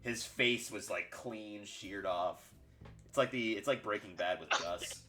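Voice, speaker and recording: A man's voice: on the low side, measured pace, music in the background. A man acting as game master, talking in a casual, rambling way with fillers and frequent laughs. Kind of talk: running a tabletop game.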